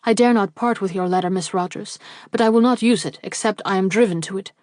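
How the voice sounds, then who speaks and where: A woman voicing a grieving, formal gentleman who speaks in a measured way. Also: mid-range voice, no room sound, studio quality, natural voice. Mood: grave.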